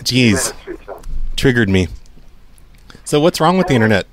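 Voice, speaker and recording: A man making prank phone calls, acting hurt and complaining that he is being yelled at. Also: mid-range voice, sing-song, a little slow, crowd noise. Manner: mock-emotional, whiny complaints. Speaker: prank caller.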